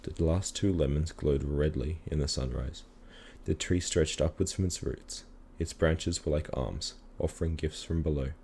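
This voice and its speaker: A man calmly reading a children's story aloud in a measured storytelling manner. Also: rumbling low, vocal fry, a little hiss or hum. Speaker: reader.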